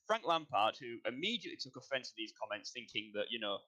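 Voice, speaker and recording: A young Englishman on a casual podcast with a middle-pitched voice. He talks with plenty of ums and restarts and works himself up into blunt ranting. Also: big pitch swings, fast talker, bright, forceful tone. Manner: builds into heated ranting with hesitant fillers. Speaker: podcast co-host. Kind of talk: casual chat.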